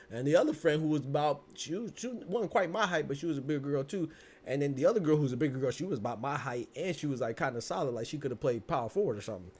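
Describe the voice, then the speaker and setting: A man's voice: a little high, fast talker, breathy edge. Slangy, laughing male podcast host. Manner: animated, laughs through his story, slangy. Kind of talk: casual storytelling and live chat.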